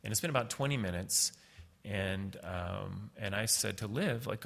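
Middle-aged man, gravelly and bright, halting storyteller with a long hall echo. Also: sits low. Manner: halting, many fillers and restarts. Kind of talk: personal storytelling.

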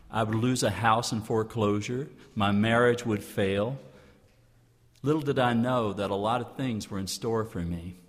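Earnest male speaker in a reverberant hall. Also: on the low side. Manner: earnest, builds with rhetorical repetition. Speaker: clergyman giving a public talk. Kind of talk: inspirational public speech.

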